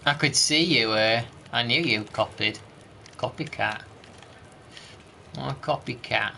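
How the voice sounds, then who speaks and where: A man's voice: mid-range voice, measured pace, creaky, sharp tone, slight background noise. A man with an East Midlands accent, chatting casually with his viewers and muttering to himself as he plays a game on a live stream. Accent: East Midlands English. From East Midlands, England. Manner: laid-back, chatty, mutters to himself while playing. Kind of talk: casual live-stream chat, reading chat aloud.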